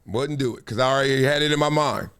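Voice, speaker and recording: A man's voice: mid-range voice, fast talker, clear, resonant tone. A man hosting a show, telling a story in a casual, slangy way, with repeated phrases and voices for the people he quotes. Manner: animated, acts out quotes in voices. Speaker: show host.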